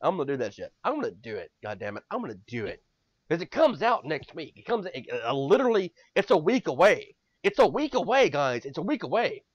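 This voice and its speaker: A man co-hosting a casual podcast chat, excitable and rambling, swearing often and swinging between quiet and loud. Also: a little high, fairly quick, dry recording. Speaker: podcast co-host. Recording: dull lo-fi podcast mic.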